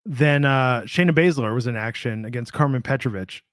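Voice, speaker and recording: A man's voice: mid-range voice, dry recording, studio quality. A man co-hosting a wrestling podcast, giving opinions in casual, musing chat. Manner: conversational, opinionated, drawn-out musing. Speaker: podcast co-host.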